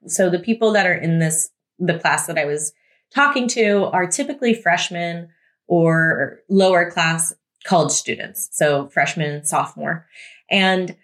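A young adult woman in a casual advice vlog, chatty, repeating words for emphasis with a few fillers. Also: lowish voice. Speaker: YouTuber giving advice.

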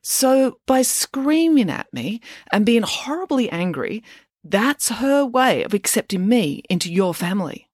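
A bubbly, overly cheerful girl from a storybook, put on by a woman reading aloud. Her voice jumps well above the reader's own, swings lively up and down, and stays close and dry. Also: fairly high pitch, a little slow, no room sound, voice pushed up. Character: sunny, self-assured, overly cheerful girl.

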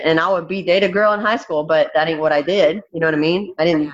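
A woman's voice: low voice, fairly even intonation, fast talker, dull audio. A woman fighter speaking bluntly and frankly in a candid interview, swearing freely.

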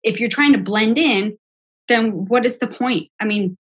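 A woman's voice: a little high, measured pace, husky. A middle-aged woman co-hosting a podcast, talking in a reflective, casual way and asking rhetorical questions. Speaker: podcast co-host. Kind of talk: casual chat.

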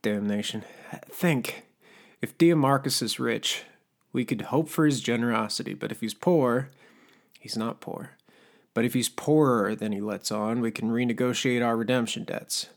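A man's voice: medium pitch, moderate pace, vocal fry, close to an everyday voice. A man voicing a scarred, disgraced male cook in an audiobook, sly and needling as he cajoles. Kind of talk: audiobook character voice.

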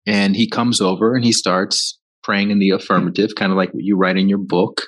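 A man's voice: fairly low pitch, flat delivery, fairly quick, fairly bright tone. A man hosting a podcast interview, telling stories and affirming his guest. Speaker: podcast host. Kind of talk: interview conversation.

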